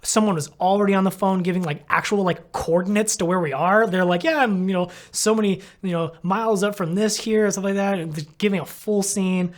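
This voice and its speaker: A high-pitched man with a steady tone talks fairly quickly and with few pauses. He's a physical therapist casually retelling a story in a rambling way, acting out his thoughts and saying "like" constantly.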